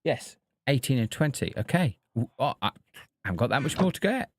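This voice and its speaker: A man streaming a game, talking casually to himself and to the characters on screen in a relaxed, chatty way. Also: medium pitch, fairly quick, no echo, clean studio sound. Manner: chatty, talks to himself and the villagers. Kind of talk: casual gameplay commentary.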